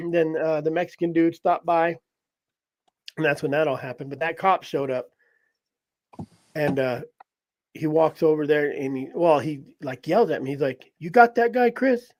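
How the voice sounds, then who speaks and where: A man's voice: a little high, a little slow, pauses often. A man telling a story in casual conversation, laughing often and acting out what people said. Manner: animated, laughs often, acts out voices in quotes. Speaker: podcast host telling a story.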